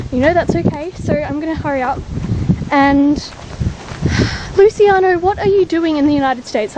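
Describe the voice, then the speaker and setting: A woman's voice: high voice, background noise. An Australian woman vlogging in a rambling, chatty, self-mocking way. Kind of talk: casual vlog chat.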